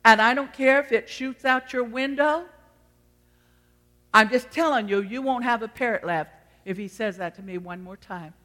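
A woman voicing a fed-up woman in a sermon joke, laying down blunt threats in clipped phrases. The tone stays bright and forceful. Long hall reverb rings behind her. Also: fairly high pitch, moderate pace, lightly acted. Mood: threatening. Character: angry neighborhood woman threatening a parrot owner.

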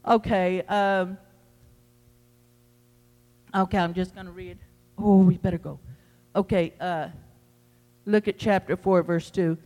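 A man's voice: high-pitched, fairly even intonation, slow, long pauses, darkish tone. A man preaching a sermon to his congregation, emphatic and repeating his phrases as he addresses the church. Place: church sanctuary. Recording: long hall reverb in a church.

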